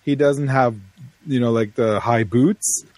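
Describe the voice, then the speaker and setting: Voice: medium pitch, steady tone, measured pace, a little mellow, no room sound. Podcast co-host, sarcastic, incredulous, dry close recording. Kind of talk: casual chat.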